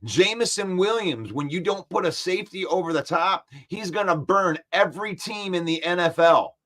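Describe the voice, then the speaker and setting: A man's voice: high-pitched, normal speed. A man hosting a casual football talk stream, reading viewer comments and firmly arguing back. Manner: reads viewer comments aloud and argues back, animated and defensive. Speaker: sports talk show host. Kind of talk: casual live-stream sports chat.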